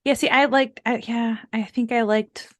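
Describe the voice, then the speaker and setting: A woman's voice: on the high side, fairly even intonation, normal speed, a bit bright, no room sound. A young woman co-hosting a podcast in casual chat, rambling with many fillers and swearing freely. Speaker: podcast co-host.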